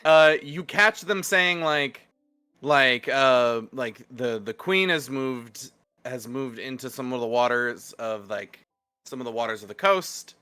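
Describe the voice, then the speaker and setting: A man's voice: mid-range voice, a little slow, bright, forceful tone, clear, resonant tone, faint music behind. Casual man running a tabletop game. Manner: casual, hesitant, many fillers. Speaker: game master.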